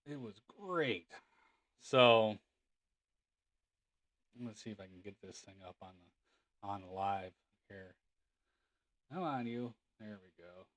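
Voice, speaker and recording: A man's voice: fairly low pitch, expressive, slow pace, pauses often, fairly bright tone. A man hosting a livestream, rambling casually with lots of fillers and laughter as he tells stories. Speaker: livestream host.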